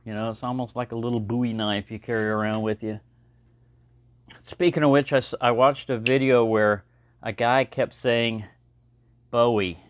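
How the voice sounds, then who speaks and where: A Texan man chats about his knives at an easy, meandering pace, filling pauses with "uh" and "you know." His voice sits at an ordinary mid pitch. The recording is dry and close, with a slightly muffled, dull sound. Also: dry recording. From Texas. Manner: rambling, relaxed, many fillers. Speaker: knife collector vlogger. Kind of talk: casual show-and-tell talk.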